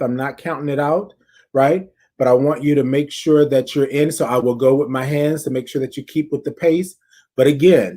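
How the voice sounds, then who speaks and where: A man's voice: mid-range voice, mellow. A man hosting a casual live-stream check-in, leading his listeners through breathing exercises and talking straight to them with lots of repeated phrases. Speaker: podcast host.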